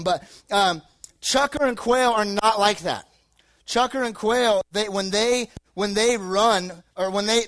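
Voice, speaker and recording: A man's voice: sits high, a bit bright. A young man giving a casual sermon to a live audience, telling a rambling, joking personal story full of fillers. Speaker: youth preacher. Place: live talk before an audience.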